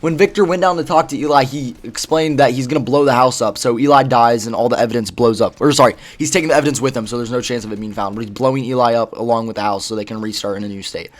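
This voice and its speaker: A man's voice: mid-range voice, quick pace, hardly any pauses. A man casually retelling a story, rambling with lots of fillers and swearing. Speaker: vlogger.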